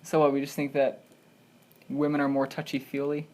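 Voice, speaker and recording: A woman's voice: extremely low pitch, completely flat delivery, normal speed, warm tone. A woman hosting a student podcast, chatting casually and joking in a rambling, provoking way. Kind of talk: casual chat.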